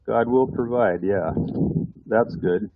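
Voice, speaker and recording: A man's voice: on the low side, slow pace, phone-quality sound, a little hiss or hum. A man preaching a sermon in a conversational way, often putting rhetorical questions to his congregation.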